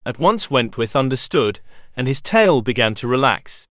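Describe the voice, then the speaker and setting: A man reading a children's storybook aloud in an expressive way. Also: medium pitch, moderate pace, dry recording, studio quality. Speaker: narrator. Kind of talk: storybook narration.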